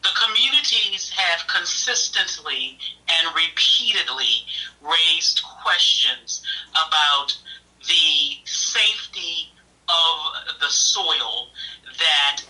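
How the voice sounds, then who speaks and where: A woman calling in to a talk show, speaking deliberately with formal phrasing. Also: low voice, expressive, sharp tone, distant mic, rough recording. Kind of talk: casual talk radio.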